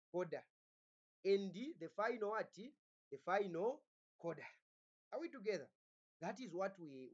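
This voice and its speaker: A lecturer, teaching phonology. Throughout, the lecturer asks the class to fill in words and keeps checking that everyone is following. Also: medium pitch. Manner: asks rhetorical "what?" questions for the class to fill in; repeats "are we together?" to check understanding. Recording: dull lo-fi recording.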